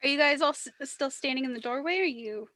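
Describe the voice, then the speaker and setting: A woman running a tabletop game, describing rooms and foes with lots of pauses and fillers. Her voice is bright and a touch high, recorded close and dry on a podcast mic. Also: dry recording. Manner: descriptive, hesitant with many fillers. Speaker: game master.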